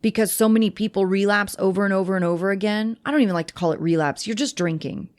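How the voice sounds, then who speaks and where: A woman coaching listeners on staying sober with blunt, tough-love directness. She hammers her points home through repetition and isn't shy about swearing. Her pitch sits in an ordinary middle range for a woman. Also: fast talker. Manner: swears freely. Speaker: podcast host, sobriety coach. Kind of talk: direct motivational talk.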